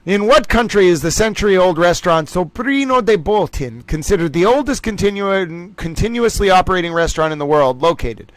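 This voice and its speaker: Lively male livestream trivia host. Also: high voice, fairly quick, hardly any pauses, no echo. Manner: lively, reads out names and scores, chatty with viewers. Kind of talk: casual livestream chat.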